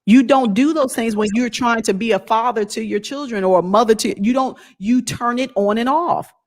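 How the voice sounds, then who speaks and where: A woman's voice: a little high, normal speed. A woman vlogger giving a blunt, emphatic motivational talk in a casual way.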